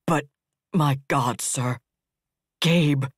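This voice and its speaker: A man's voice: on the high side, very slow, slightly rough, dry recording, clean studio sound, exaggerated voice. A man voicing a male fleet admiral who speaks desperately, his voice raw with anguish.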